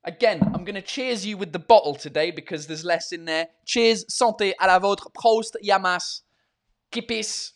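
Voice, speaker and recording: A man with a notably high-pitched voice hosts a laid-back live-stream chat from his home. His talk is rambling and loose, full of restarts, and peppered with casual swearing. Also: moderate pace, hardly any pauses. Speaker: host of a live beer-drinking chat show.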